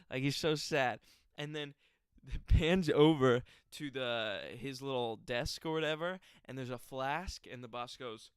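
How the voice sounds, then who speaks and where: A man's voice: mid-range voice, measured pace, smooth, no echo, clean studio sound. A man giving a casual, chatty film review, laughing and adding exaggerated asides. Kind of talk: casual movie review vlog.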